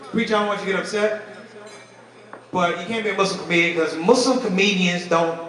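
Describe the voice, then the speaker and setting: A comedian doing an apologetic doctor on a plane. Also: male voice, sits high, a little fast, a bit bright. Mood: earnest. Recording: echoey hall, distant mic, crowd.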